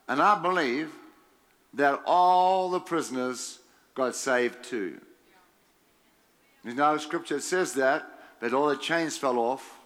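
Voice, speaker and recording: Slow, bright-toned male preacher; emphatic, chuckling, reads scripture then comments. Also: medium pitch. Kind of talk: sermon reading scripture with commentary.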